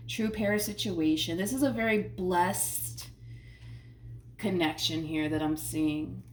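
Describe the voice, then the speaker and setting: Woman tarot reader, casual, slangy, emphatic repeats; mid pitch, distant mic. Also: a little slow. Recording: roomy sound from a distant mic, faint noise.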